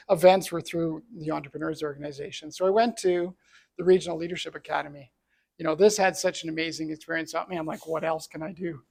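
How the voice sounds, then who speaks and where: A middle-aged man from Canada tells his own story with earnest, reflective feeling. His voice sits a little high and has a gravelly, creaky edge. He speaks as an entrepreneur sharing what happened to him. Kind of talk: personal storytelling talk.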